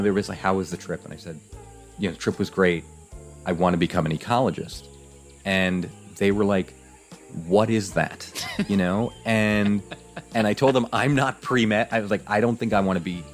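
A man guest on a podcast, telling a personal story in a casual, animated way, acting out his parents' voices. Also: on the low side, a little fast, faint music behind.

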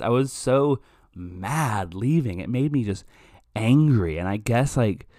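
A man's voice: medium pitch, expressive, moderate pace, a little mellow, dry recording, clean studio sound. Rambling, cursing man reviewing a film. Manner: rambling, profane, self-interrupting. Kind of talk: casual spoken film review.

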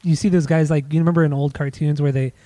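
A man's voice: fairly high pitch, fairly even intonation, quick pace, warm tone, no room sound. A man chatting casually about records he bought, easygoing and a little hesitant, swearing now and then. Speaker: podcast co-host. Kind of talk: casual chat about vinyl finds.

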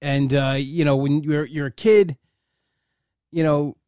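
A man's voice: fairly high pitch, fairly even intonation, takes it slowly, a little mellow, clean tone, no echo, studio quality. A man in a casual personal monologue, rambling with many fillers and restarts, heartfelt and proud. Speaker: uncle and godfather.

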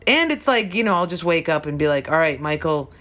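A woman's voice: lowish voice, big pitch swings, fast talker, fairly bright tone. A young woman chatting casually on a podcast, rambling with restarts and casual swearing. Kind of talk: casual chat.

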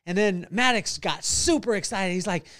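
Middle-aged male podcast host, lively storyteller who acts out voices; high, smooth tone. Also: moderate pace. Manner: animated storyteller acting out voices and singing. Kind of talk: storytelling devotional talk.

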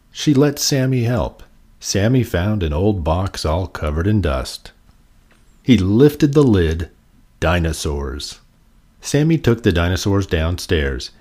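Male storyteller, low voice that swings widely, sing-song picture book reading. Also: a little mellow. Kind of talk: children's picture book read-aloud.

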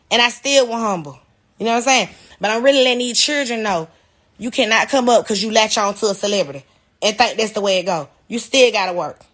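A woman's voice: a little high, fairly bright tone. A woman, a hairstylist, venting bluntly to camera, swearing freely and hammering the same points again and again. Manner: blunt, profane, repeats her points.

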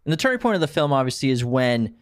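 A man co-hosting a podcast in casual chat, relaxed and often laughing as he runs a movie quiz. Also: mid-range voice, fast talker, no room sound, clean studio sound. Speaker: podcast co-host.

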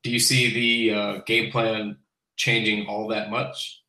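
A man's voice: on the low side, flat delivery, a little slow, sharp tone. A young man co-hosting a casual live sports podcast, asking questions in a hesitant way with many restarts. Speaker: podcast co-host. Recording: echoey room.

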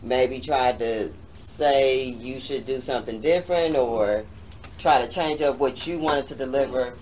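A man's voice: mid-range voice, unhurried, a little mellow. A man interviewing a guest in a loose, chatty way, often asking "you know what I'm saying". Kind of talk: casual interview chat. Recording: distant mic, faint background noise.

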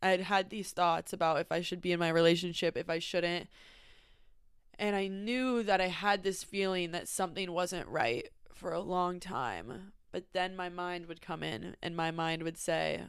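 A woman's voice: lowish voice, measured pace, smooth, dry recording, studio quality. A young woman in her twenties hosting a podcast, talking in a casual, reflective monologue full of fillers. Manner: chatty, many fillers, laughs easily. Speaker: podcast host.

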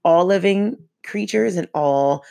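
Low-voiced woman, opinionated podcast host. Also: slow, gravelly, warm tone. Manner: opinionated, conversational, emphatic. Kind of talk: solo podcast commentary.

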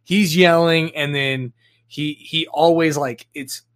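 A man's voice: fairly high pitch, steady tone, takes it slowly, a bit bright, smooth. A man co-hosting a loose podcast conversation. He stops and restarts his sentences often and laughs easily while he talks things through. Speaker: podcast host. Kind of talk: casual chat.

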